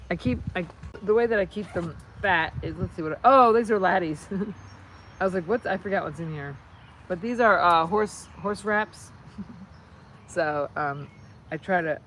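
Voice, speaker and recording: A woman hosting a casual livestream on her phone while crafting, rambling and excitable, often breaking off mid-sentence. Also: on the low side, a little hiss or hum, rough recording. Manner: rambling, excitable, self-interrupting. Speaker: channel host.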